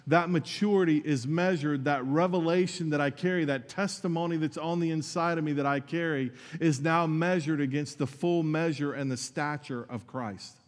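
A man's voice: a little high, normal speed, few pauses, long reverb tail. A man preaching a sermon as pastor, earnest and conversational, with asides to his congregation.

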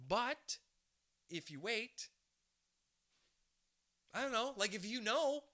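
Crude, rambling man with a bright voice. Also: very high voice, expressive, slow. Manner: crude, rambling, laughs often. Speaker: podcast host. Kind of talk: casual comedic monologue.

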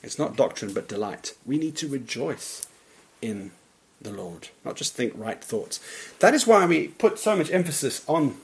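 A man preaching a sermon in a church, earnest and emphatic, often dropping to a quiet voice at the ends of phrases. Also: medium pitch, big pitch swings, normal speed, creaky. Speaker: pastor.

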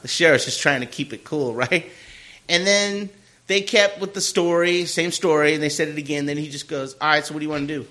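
A man's voice: on the high side, a little fast. A man hosting a casual podcast, telling a story with lots of swearing, laughing and acted-out voices of the people in it. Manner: animated storyteller, acts out quoted people, swears freely, laughs often. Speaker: podcast host.

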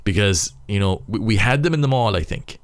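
A man's voice: on the low side, expressive, brisk, dry recording. A young Irish man, a rugby player, casually breaking down match footage, thinking aloud in stop-start phrases.

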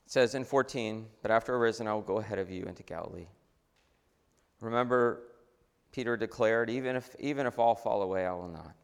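A man preaching a sermon in a conversational, animated way, often restarting his phrases. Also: lowish voice, a little fast, gravelly, smooth. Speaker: pastor. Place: church sanctuary. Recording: long hall reverb.

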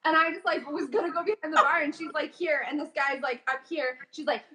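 A young woman chatting casually, telling animated stories with frequent laughs and casual swearing. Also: sits high, a little fast, few pauses. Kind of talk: casual chat.

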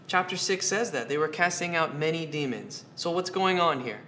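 A man's voice: on the high side, moderate pace, sharp tone, slight background noise. A man preaching a sermon, earnest, asking his listeners question after question and repeating phrases for emphasis. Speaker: pastor.

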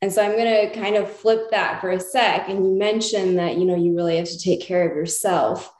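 A woman's voice: medium pitch, steady tone, brisk, darkish tone. A woman co-hosting a podcast, asking reflective questions with many fillers. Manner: thoughtful, reflective, full of hedging fillers. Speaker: podcast co-host. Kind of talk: casual interview chat. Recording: roomy echo.

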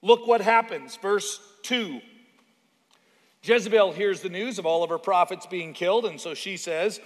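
High-voiced preacher in a reverberant hall. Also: male voice, measured pace. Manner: conversational preaching with asides and personal stories. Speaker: pastor. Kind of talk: sermon. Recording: long reverb of a large hall.

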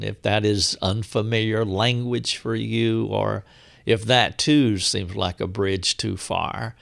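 A male preacher delivers a sermon in a slow, deliberate cadence, leaning on pauses for emphasis. His voice sits somewhat low and carries a gravelly texture. He speaks with unhurried weight. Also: a bit bright.

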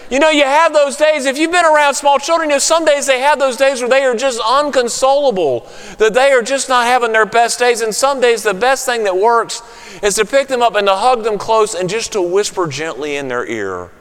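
A man preaching a sermon, telling a story, then softening to a hushed, soothing voice. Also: extremely high pitch, clear, resonant tone, in a large hall. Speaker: pastor.

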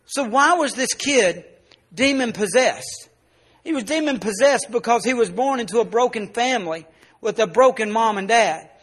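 A male pastor preaching a sermon, telling a personal story and dropping soft and low in the emotional parts. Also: expressive, normal speed, slightly rough.

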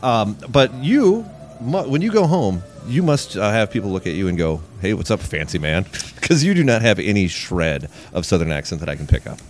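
A man's voice: fairly low pitch, sing-song, moderate pace, hardly any pauses, darkish tone, soft background music. A middle-aged man from Indiana hosting a casual chat, joking and swearing freely. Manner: joking, profane. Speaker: podcast host. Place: bar.

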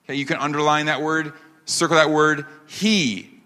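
A man preaching a sermon as pastor, emphatic, asking rhetorical questions and slowing down on key phrases. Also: fairly high pitch, completely flat delivery, sharp tone. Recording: long hall reverb.

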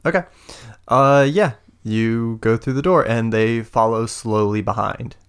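A man's voice: mid-range voice, steady tone, measured pace, clear, resonant tone. A man narrating as game master of a tabletop game, hesitant, with many fillers and restarts.

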